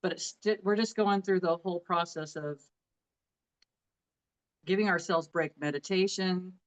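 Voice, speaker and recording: A woman's voice: on the low side, steady tone, measured pace, poor audio. A middle-aged woman co-hosting a casual chat about grief, speaking earnestly and sharing heartfelt advice. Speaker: podcast co-host.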